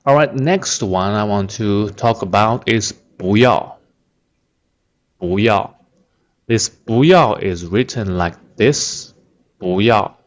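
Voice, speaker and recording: A man's voice: fairly low pitch, slow. A man whose first language is Chinese, teaching a language lesson patiently, repeating words with many fillers. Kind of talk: slow explanatory lesson.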